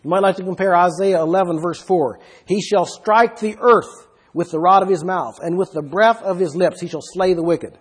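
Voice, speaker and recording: A man delivers a sermon in a fairly high voice with a breathy edge. He reads long scripture passages aloud and then works through them for his listeners, explaining each point. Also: moderate pace. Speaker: preacher.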